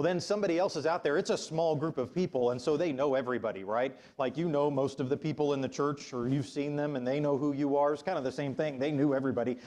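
A male pastor giving a children's sermon in a church sanctuary. He tells a Bible story in a relaxed, conversational way and keeps asking the children questions. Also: medium pitch.

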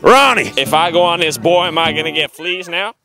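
A man's voice: a little high, fairly even intonation, a little fast, over music. A man doing a put-on Southern drawl on a farm, hollering cowboy talk at a bull for a prank vlog. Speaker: prank vlogger. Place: outdoors on a farm.

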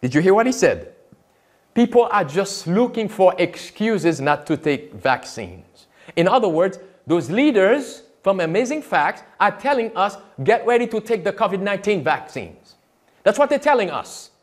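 A man's voice: high voice, sing-song, normal speed. A man, a pastor, giving emphatic sermon-style commentary on video clips, repeating quotes and firing rhetorical questions.

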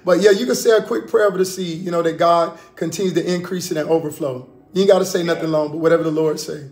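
A man's voice: fairly high pitch, fairly even intonation, fast, darkish tone, roomy sound. A man preaching on a livestream as pastor, fervent and repetitive, full of amens and hallelujahs. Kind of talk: livestreamed preaching and offering appeal.

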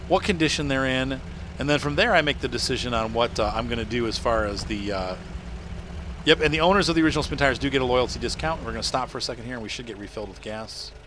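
A man's voice: medium pitch, quick pace, background noise. A middle-aged man casually narrating a game as he plays, explaining each step as he goes. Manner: chatty, explains as he plays, talks to family off-mic. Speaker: gameplay streamer. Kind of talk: casual gameplay commentary.

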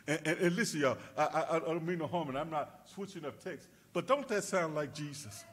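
Husky preacher man, swinging loud to hushed. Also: expressive, a little fast. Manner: rising to shouts then dropping low and quiet; repeats words, calls out to the congregation. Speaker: pastor. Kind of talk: sermon.

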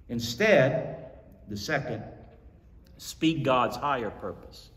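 A male pastor preaching a sermon, telling stories with animated energy and repeating lines for emphasis. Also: on the high side, normal speed. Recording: echoey hall from far off.

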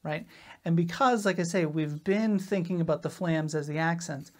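A woman drum teacher explaining rudiments in a relaxed, casual way, often checking in with "right?". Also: fairly low pitch, normal speed. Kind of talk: casual instructional talk.

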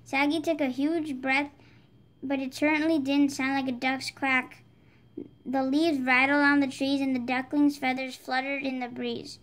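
A woman reading a children's picture book aloud, brightening her voice for the characters' lines. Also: high voice, little pitch movement, unhurried. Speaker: storybook reader. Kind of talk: children's read-aloud narration.

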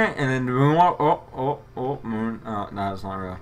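A man giving let's play commentary, excitable, yelping and shouting at the game with mild swearing. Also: mid-range voice, moderate pace. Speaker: gamer. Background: faint music.

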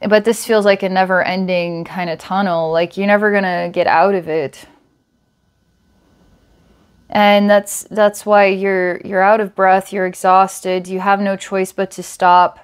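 A woman giving an intuitive psychic reading, talking in a halting, searching way with many fillers and repeated words, sometimes slow and hushed. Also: mid-range voice, level tone, clear, resonant tone. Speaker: psychic reader.

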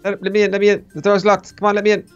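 A man chatting casually as co-player in a let's-play, quickly guiding the other player. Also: high-pitched, monotone, smooth, highs cut off, soft background music.

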